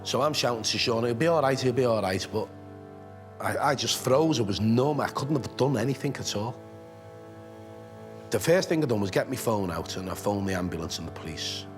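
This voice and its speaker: A man's voice: on the low side, lively intonation, faint music behind. Shaken man recalling. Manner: halting, shaken recollection. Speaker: eyewitness. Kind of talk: emotional documentary interview.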